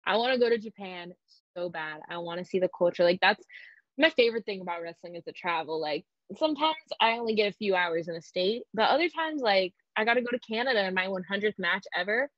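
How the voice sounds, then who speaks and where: A woman's voice: medium pitch, lively intonation, quick pace, no room sound. Bubbly young woman, dry lo-fi sound. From Phoenix, Arizona, US. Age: young adult, 19. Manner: bubbly, rambling, heavy use of "like". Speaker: guest, professional wrestler. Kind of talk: casual interview chat.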